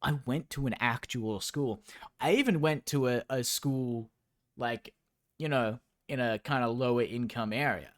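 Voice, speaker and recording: A man's voice: medium pitch, unhurried. A young man streaming as he reads a story aloud, breaking off into incredulous, profane, sarcastic asides.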